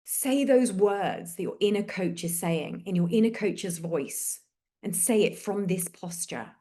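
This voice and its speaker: A woman hosting a webinar, leading a slow, gentle guided reflection exercise over a video call with repeated prompts. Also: medium pitch, expressive.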